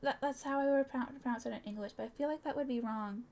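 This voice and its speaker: A woman's voice: on the high side, fast, a little mellow. A woman streamer chatting casually with her live chat, bubbly, often gasping and giggling and tripping over her words.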